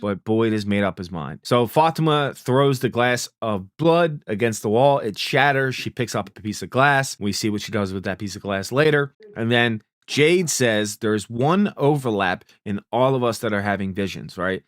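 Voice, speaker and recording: A man's voice: fairly low pitch, expressive, moderate pace, few pauses, no room sound, studio quality. A man casually recapping a TV series episode, laid-back and profane, loosely paraphrasing what the characters say. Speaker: TV recap host.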